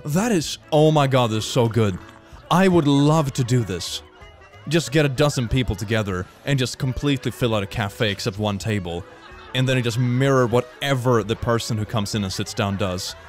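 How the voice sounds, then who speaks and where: A man's voice: medium pitch, normal speed, soft background music. A man who is not a native English speaker, giving jokey, giggly commentary on memes as a streamer and often talking to himself. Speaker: meme reaction streamer. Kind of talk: casual reaction commentary.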